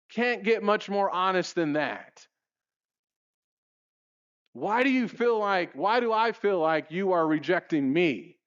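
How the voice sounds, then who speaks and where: A man preaching a sermon to his congregation, reading scripture with rising passion and then dropping low to reflect on it. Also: very animated, slow pace, fairly bright tone. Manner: impassioned, rises high reading scripture aloud. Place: church sanctuary. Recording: dull lo-fi recording in a reverberant hall. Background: long church reverb.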